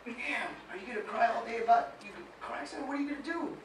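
Animated man speaking in a roomy hall. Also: very high-pitched, racing. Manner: animated, quizzes the audience, mimics whiny voices. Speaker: motivational speaker. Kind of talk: motivational talk to a live group. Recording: roomy sound from far off with faint noise.

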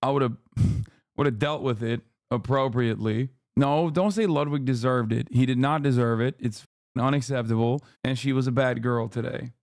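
A man streaming, giving loud, joking, profane commentary as he reacts to videos and laughs often. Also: mid-range voice, moderate pace, dry recording, clean studio sound.

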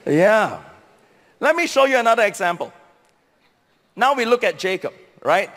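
A man preaching a sermon as pastor, animated, acting out voices from Bible stories and speaking to the congregation. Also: sits high, moderate pace. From Singapore. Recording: long hall reverb.

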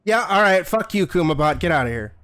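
A man's voice: a little high, animated, quick pace, fairly bright tone, no echo, studio quality. A man streaming a horror game live, swearing, joking and talking back to the game and to his chat. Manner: profane, jokey, talks back to the game and chat. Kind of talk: live gameplay commentary.

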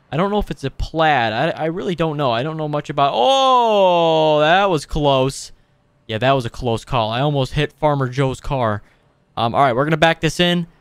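A man hosting a gaming video, giving excitable, casual play-by-play commentary full of exclamations and asides to his viewers. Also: on the high side, smooth, no room sound. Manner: excitable, frequent exclamations, addresses viewers as boys.

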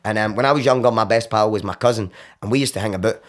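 A young man with a Glaswegian accent, a podcast guest telling a story in casual chat, animated and acting out what he once said. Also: on the low side, racing. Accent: Glaswegian Scottish. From Scotland. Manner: animated, acts out his own past cries and quotes.

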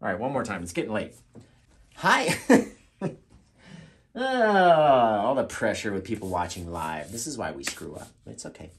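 A man teaching a live painting tutorial, chatty and encouraging, who keeps retaking his intro in a loud, upbeat radio-style voice. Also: low-pitched, fast, few pauses. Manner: chatty, encouraging, repeats phrases. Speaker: painting instructor.

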